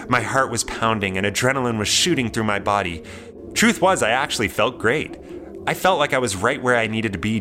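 A young man narrating a personal story in a wry, measured way. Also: fairly low pitch, noisy background. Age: young adult.

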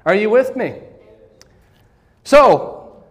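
A man preaches a sermon from the pulpit, his voice pitched high. He keeps prompting the congregation to say words back to him. The sound carries a long church-hall reverb. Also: measured pace. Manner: call-and-response preaching, asks congregation to repeat. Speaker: pastor. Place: church sanctuary.

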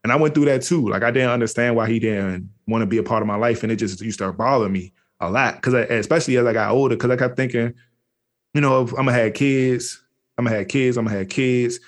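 A man's voice: medium pitch, quick pace, few pauses. A man from the Washington, D.C. area, speaking candidly and slangily as an interview guest, with frequent restarts. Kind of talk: candid personal storytelling.

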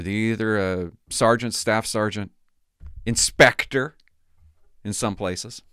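An older man, a retired police officer, telling rambling, candid stories to his viewers in casual talk, swinging between loud asides and hushed remarks. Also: on the low side, steady tone, slow pace, long pauses, clear, resonant tone, no echo, studio quality.

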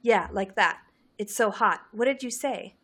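A woman's voice: medium pitch, a little slow, a bit bright, slightly rough. A woman reading the lines of a cheeky, amused teenage boy wizard in a fan story.

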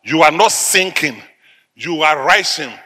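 A middle-aged man from Africa, preaching a sermon in emphatic, repeated declarations that burst into loud peaks. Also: fairly high pitch, animated, unhurried, long reverb tail.

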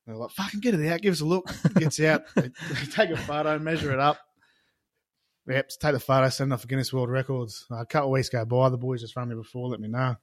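A man's voice: medium pitch, steady tone, fast, no room sound. Give me a young Australian guy on a podcast, telling a crude yarn, recorded dry and close. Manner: rambling storyteller, crude, laughs through jokes. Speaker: podcast guest. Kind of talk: casual banter.

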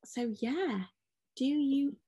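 A woman's voice: high voice, extremely slow, mellow. A woman co-hosting a casual podcast from home, chatting in a rambling way and laughing often. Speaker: podcast co-host. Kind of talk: casual chat.

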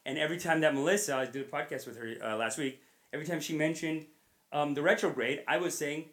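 A man's voice: fairly high pitch, quick pace, fairly bright tone. Rambling, jokey man hosting a podcast. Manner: rambling, self-deprecating, jokey. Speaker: comedy podcast host. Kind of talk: casual podcast monologue.

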